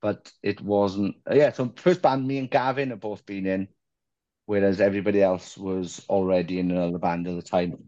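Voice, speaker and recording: A man's voice: sits low, fairly even intonation, normal speed, warm tone, no room sound, lo-fi sound. A man from Wales, a band singer, telling rambling, sweary anecdotes as a guest in a casual podcast chat. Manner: swears freely, rambling anecdotes with mock quotes.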